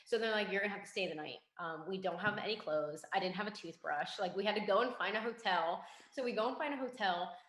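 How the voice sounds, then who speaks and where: A young woman, a forensic investigator, telling a story in a casual interview and acting out the quoted dialogue in a lively way. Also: mid-range voice, fast talker, hardly any pauses. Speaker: guest, forensic investigator and K9 handler. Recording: roomy echo.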